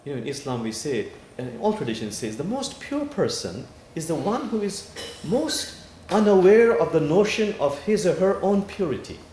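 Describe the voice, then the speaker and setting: A male imam preaches in a worship hall, telling stories with lively swings of pitch and pauses for effect. His voice sits somewhat high. The room is echoey, with faint ambience behind. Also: slight background noise. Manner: animated storytelling with dramatic pauses. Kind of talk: sermon.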